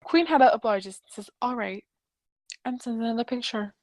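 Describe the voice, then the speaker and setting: A woman's voice: on the high side, lively intonation, quick pace, a little mellow, no room sound. A woman narrating chat logs as comedy, dropping sardonic asides.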